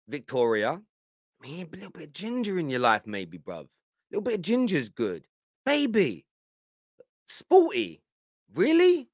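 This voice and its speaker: A man's voice: high-pitched, dry recording, clean studio sound. A man hosting a football reaction show, amused and laughing often as he comments on clips. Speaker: host.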